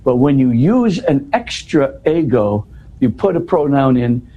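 A man giving an explanatory talk in an interview, teaching in an animated way and often checking in with "right?". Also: mid-range voice, unhurried, dull audio. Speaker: interview guest explaining scripture.

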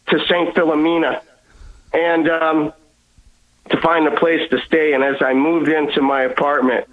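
A man's voice: on the high side, fairly bright tone, low-quality recording. A man as an interview guest, giving an earnest personal testimony and often stumbling over repeated words.

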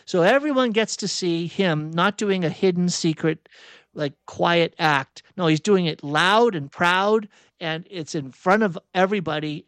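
A man's voice: high voice, dry recording. A man giving a sermon in a reflective, searching way, often restarting and correcting himself mid-thought. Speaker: preacher.

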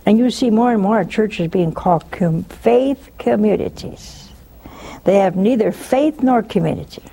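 An older woman hosting a religious call-in show, talking in an animated, scolding way with mocking asides. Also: gravelly, breathy edge. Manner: animated, scolding and mocking with sudden pitch jumps.

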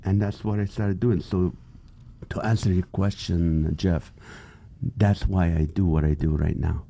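Low, mellow-voiced comedian from the Middle East. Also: male voice, unhurried, gravelly, a little hiss or hum. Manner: animated storyteller, acts out quoted voices. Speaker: comedian guest. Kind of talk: casual interview storytelling.

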